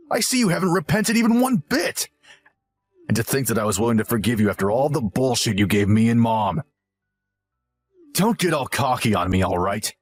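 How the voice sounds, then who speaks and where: A smug, selfish young husband talks down and whines in a lively, swinging voice. A man acts him out while reading the story. Faint music sits under the reading. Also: medium pitch, breathy edge, no room sound. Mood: indignant. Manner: condescending, whiny and scolding. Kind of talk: scripted story narration.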